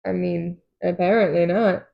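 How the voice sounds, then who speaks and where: A young woman casually recaps chapters on a book podcast, tossing in ums and the odd swear word. Her voice has a gravelly fry to it, and she slips into quick impressions of the characters as she goes. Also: lowish voice, steady tone, highs cut off. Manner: retells scenes in quoted voices, frequent ums, swears casually. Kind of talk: casual book-club chat.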